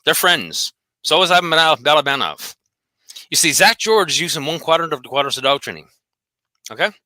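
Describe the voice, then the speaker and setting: Host: man, high bright voice, rapid profane rant, dry close mic. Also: sing-song, no room sound. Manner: profane, combative, taunting. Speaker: host of a dog behavior channel. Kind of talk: angry solo rant.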